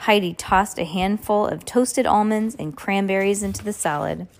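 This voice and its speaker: A woman's voice: medium pitch, moderate pace, few pauses. A woman reading a storybook aloud to a child, with casual chatty asides. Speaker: reader.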